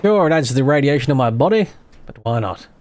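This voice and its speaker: Man, game streamer, casual commentary, thinks out loud, mid-pitched voice, faint music behind. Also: animated, fast talker. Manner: thinks aloud, chatty and self-mocking.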